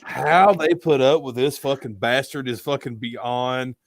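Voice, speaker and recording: A man co-hosting a casual podcast who talks loudly and swears constantly as he tells stories. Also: medium pitch, measured pace, dry recording. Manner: loud, profane, animated storytelling. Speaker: podcast co-host. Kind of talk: casual chat.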